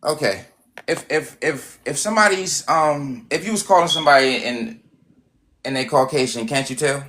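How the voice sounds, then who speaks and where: A man's voice: fairly high pitch, expressive, moderate pace, fairly bright tone, slight background noise. A man hosting a casual livestream chat with callers. He is insistent, repeats himself and keeps cutting in. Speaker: livestream host.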